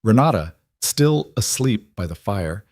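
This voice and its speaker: A man narrating a romance audiobook in a measured, even storytelling manner. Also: on the low side, dry recording, studio quality.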